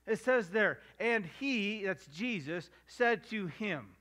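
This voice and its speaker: Bright high-voiced male pastor preaching. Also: lively intonation. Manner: emphatic preaching, slowing down to stress verses; plays out household scenes in voices. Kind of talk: sermon.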